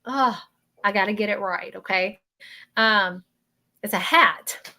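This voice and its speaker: Southern american woman, psychic medium, live reading, earnest, halting, apologetic. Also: mid-range voice, level tone, bright, forceful tone. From Southern United States.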